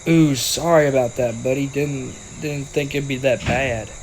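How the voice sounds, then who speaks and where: A man's voice: medium pitch, steady tone, a little slow, a little hiss or hum, low-quality recording. A young man giving casual, playful commentary over a video game and joking with the characters on screen. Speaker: gaming video creator.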